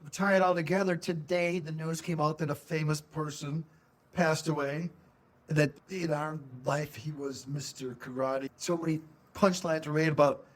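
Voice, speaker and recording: A middle-aged man from Minnesota co-hosts a casual podcast with an old friend. He talks reflectively and asks follow-up questions. His voice sits a little higher than usual for a man. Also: steady tone, normal speed. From Minnesota, USA. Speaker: podcast co-host.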